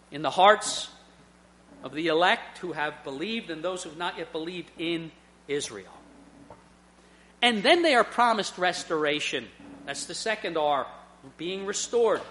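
High, bright-voiced preacher man. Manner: earnest, personal storytelling with emphatic swells. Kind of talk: sermon.

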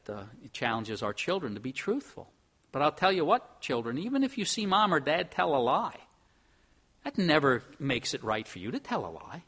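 A middle-aged man preaching a sermon in an earnest, emphatic way, moving between soft and loud. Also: medium pitch. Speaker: pastor.

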